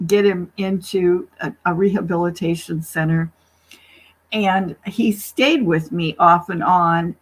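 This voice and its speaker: A woman's voice: mid-range voice, husky, poor audio. A middle-aged woman from the US Gulf Coast telling a story in a casual group chat, breaking into laughter often. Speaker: participant in an online group chat.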